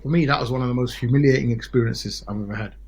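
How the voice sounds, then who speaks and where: A man in his forties from Britain, a solicitor telling his story as a podcast guest in an animated way, often checking in with "yeah?" and "right?". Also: mid-range voice, rapid-fire, breathy edge. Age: 40s. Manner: animated, peppered with tag questions like "yeah?" and "right?". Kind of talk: casual podcast interview storytelling.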